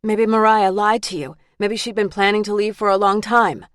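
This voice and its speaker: A woman narrator voicing a hurt, guarded young woman who is quick to anger. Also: medium pitch, fairly even intonation, no room sound, clean studio sound, pitched above the performer's own voice, close to an everyday voice. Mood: defensive.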